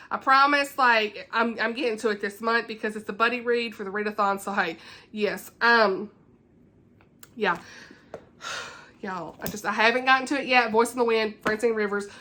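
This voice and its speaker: A woman's voice: fairly high pitch, pushed and bright. A young woman, chatting casually to camera about books and giggling often. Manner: chatty and giggly, greets viewers by name. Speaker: book vlogger.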